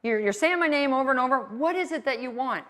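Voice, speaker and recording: Upbeat woman dog trainer, slightly high voice. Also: animated, fast, fairly bright tone. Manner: upbeat, checks in with frequent "okay?". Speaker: dog trainer teaching a class. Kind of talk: live class instruction.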